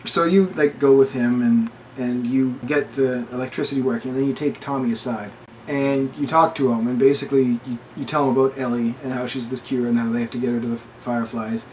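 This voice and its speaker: A man's voice: medium pitch, fairly even intonation, brisk, darkish tone, slight background noise. A man co-hosting a casual chat, retelling a story with lots of quoted dialogue and restarts. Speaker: podcast co-host.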